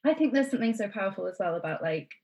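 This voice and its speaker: Husky-voiced woman podcast host. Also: mid-range voice, sing-song, racing, darkish tone. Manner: attentive, thoughtful, lots of fillers. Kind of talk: casual interview chat. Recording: dull lo-fi sound.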